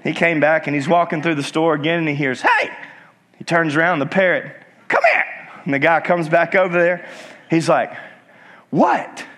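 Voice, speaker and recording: A man preaching a sermon with call-and-response urging, swinging between emphatic and hushed delivery. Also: on the high side, steady tone, brisk. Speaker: pastor.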